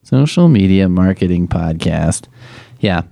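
Sarcastic guy ripping on podcasts, kinda low voice, dry mic. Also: animated, unhurried, vocal fry, mellow, no room sound. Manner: sarcastic, swearing, mocking. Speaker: podcast host reviewing other podcasts. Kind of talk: casual commentary.

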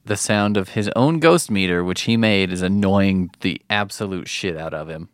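Man, low voice, lively sarcastic reaction commentary, dry close sound. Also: moderate pace, no echo. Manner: mocking, incredulous. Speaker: host reacting to online videos.

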